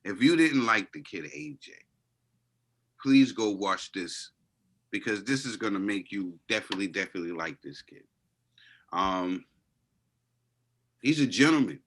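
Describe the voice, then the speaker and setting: A man's voice: lowish voice, expressive, a little slow, pauses often, a bit bright. A man co-hosting a boxing podcast, chatting casually with playful catchphrases and call-outs to viewers. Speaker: podcast co-host. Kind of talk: casual chat reacting to a documentary.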